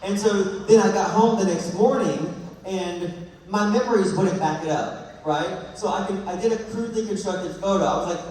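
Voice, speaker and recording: A man's voice: high-pitched, a little fast, darkish tone. A man, an actor at a fan panel, telling rambling comedic stories on stage and laughing through them. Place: large convention hall with audience. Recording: echoey hall, voice from far off.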